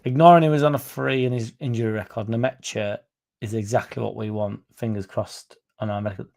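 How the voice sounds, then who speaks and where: A man's voice: on the low side, fairly even intonation, fairly quick, vocal fry, darkish tone. A man hosting a casual live-stream, reading out viewer comments and rambling with swearing and self-interruptions. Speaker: fan channel host.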